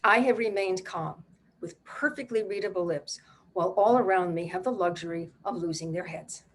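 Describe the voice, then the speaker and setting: An older woman, a playwright and solo performer, telling a family story on stage in a wry, animated, conversational way. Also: lowish voice, normal speed, noisy background.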